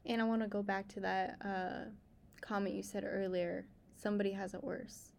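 Gravelly, flat-toned woman podcast co-host. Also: medium pitch, moderate pace, slight background noise. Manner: probing follow-up questions. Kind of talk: casual podcast conversation.

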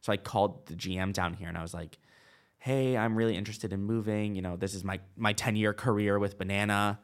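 A man's voice: fairly low pitch, steady tone, fairly quick, smooth. A man in his twenties telling a long personal story in casual chat, full of "like" and quoted dialogue. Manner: chatty, lots of "like" and quoted dialogue. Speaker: guest.

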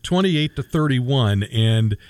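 A middle-aged man co-hosting a Christian radio talk show, easygoing and quick with joking asides. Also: medium pitch, lively intonation, darkish tone, no echo. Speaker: co-host. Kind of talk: casual Christian radio chat.

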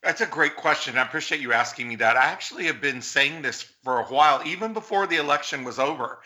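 A middle-aged man joins a talk show as a political commentator, earnest and effusive. His voice is very bright, edgy and somewhat high. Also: animated, fast talker.

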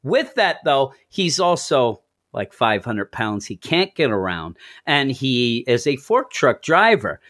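A man's voice: mid-range voice, sing-song, slow, few pauses, a bit bright. A middle-aged man co-hosting a podcast in casual chat, telling long rambling stories and chuckling as he goes. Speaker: podcast co-host.

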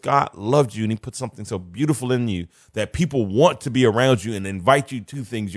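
Guy preaching a sermon, middle pitch, chatty, repeats stuff a lot, dry sound. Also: dry recording. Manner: conversational preaching, repeats phrases for emphasis.

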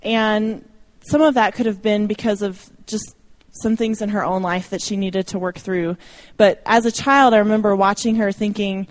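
A woman's voice: mid-range voice, steady tone, moderate pace, few pauses. A young adult woman speaking informally to a church audience about ministry, chatty and self-deprecating, with light laughs. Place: church meeting room.

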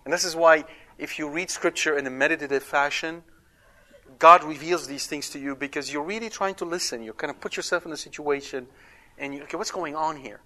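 A man teaching a Bible study, talking conversationally, asking his listeners questions and slowing down to stress key words. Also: on the high side, bright, forceful tone. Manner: emphatic, slows to stress words.

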